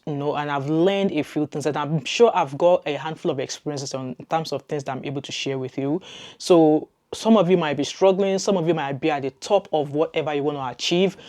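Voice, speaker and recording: A middle-aged Nigerian woman with a heavy Nigerian accent talks casually to her camera as a vlogger, chatty and reassuring, repeating points for emphasis. Her voice is deep and mellow.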